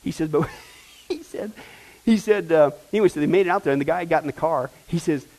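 Animated preaching man, higher voice. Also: fairly quick, low-quality recording. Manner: animated storytelling, frequent "right?" and "okay?" asides. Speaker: pastor or Bible teacher. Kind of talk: sermon with anecdote.

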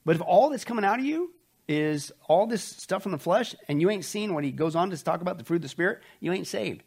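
A man's voice: sits high, lively intonation, a little fast, gravelly, darkish tone, breathy edge. A man preaching a Bible study, emphatic and folksy, asking his listeners questions and answering them himself. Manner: folksy, says okay often. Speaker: pastor teaching a Bible study. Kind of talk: sermon.

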